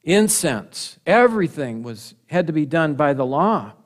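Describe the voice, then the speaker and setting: A man's voice: a little high, sing-song, a little slow. A middle-aged man preaching a sermon, earnest and emphatic, with rhetorical questions and repetition.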